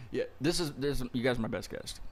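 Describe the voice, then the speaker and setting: A man's voice: medium pitch, normal speed, a little mellow. Guy hosting a podcast, trips over his words a lot, laughs here and there. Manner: rambling, stumbles and repeats words, laughs often. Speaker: podcast host. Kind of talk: casual interview chat.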